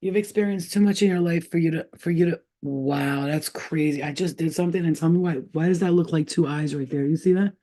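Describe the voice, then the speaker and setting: A woman talking straight to her viewers in a loose, casual spiritual reading. She is animated and excitable and swears freely. She often repeats words as she talks. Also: low voice, a little fast, few pauses. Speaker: spiritual reader.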